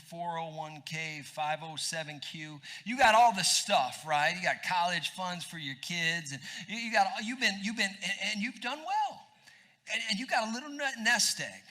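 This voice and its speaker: Bright, animated preaching pastor, a man. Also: fairly high pitch. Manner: animated, conversational preaching with quick asides to the congregation. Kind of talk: sermon. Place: church.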